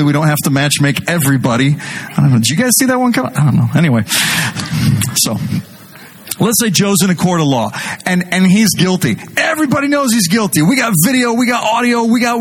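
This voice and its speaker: Animated husky-voiced male pastor preaching. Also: a little high. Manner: animated, jokey, talks to the congregation directly. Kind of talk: sermon.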